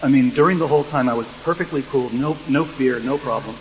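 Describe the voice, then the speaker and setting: A man's voice: medium pitch, fast talker. Man, mid-range voice, wry panel storyteller, reverberant hall with a faint hum. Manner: dry, wry storytelling with quoted dialogue. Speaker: panel speaker. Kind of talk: storytelling anecdote to an audience.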